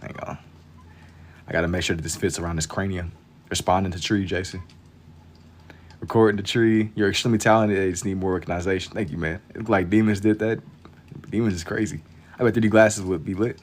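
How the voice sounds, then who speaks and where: A man's voice: deep voice, fairly even intonation, fairly quick, pauses often, a little hiss or hum. A young man chatting casually with viewers while drawing on a live stream, laid-back and slangy, keeping his voice down for the late night.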